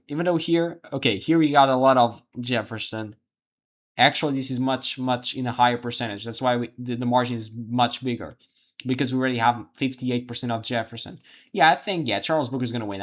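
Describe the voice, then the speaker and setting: Thinking out loud on his livestream, a male host comments on election results as they come in. His mid-range voice stops and starts, with frequent restarts.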